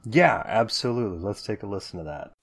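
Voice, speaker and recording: A man's voice: lowish voice, animated, fairly quick, creaky. A man co-hosting a podcast, reacting in a laid-back, casual way. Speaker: podcast co-host.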